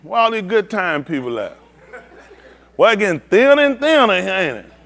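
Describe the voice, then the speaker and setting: A man's voice: high voice, very animated, normal speed, vocal fry, fairly bright tone. A man hosting a playful trivia game with a room of people, teasing and calling on them by name. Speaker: host leading a group trivia game. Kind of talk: lively group banter.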